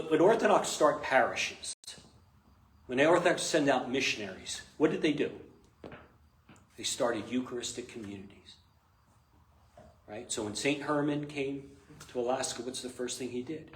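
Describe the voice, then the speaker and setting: A man's voice: medium pitch, animated, moderate pace, pauses often, slight background noise. A man, a priest, teaching a parish class in a casual, chatty way, laughing often and telling stories. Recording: echoey room, live stream.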